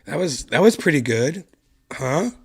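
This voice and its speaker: A man hosting his own online show, hoarse from a lost voice and talking quietly and softly to spare it. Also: on the high side, big pitch swings, measured pace. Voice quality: gravelly. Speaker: podcast host. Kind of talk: casual solo stream chat.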